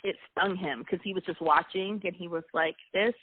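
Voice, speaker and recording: Here the young wife of a wrestling coach speaks fairly quickly in a lowish, steady voice, with slight background noise on a dry, tinny phone-like line. As an interview guest she tells personal stories casually, emotional and chatty, with many restarts.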